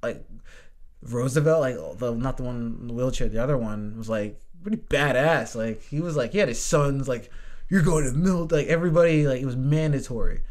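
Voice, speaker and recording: A man speaking as a podcast guest, talking in a loose, animated way, full of "like" and casual swearing. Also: mid-range voice, normal speed. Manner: animated, heavy use of "like", swears freely. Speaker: guest, Air Force veteran.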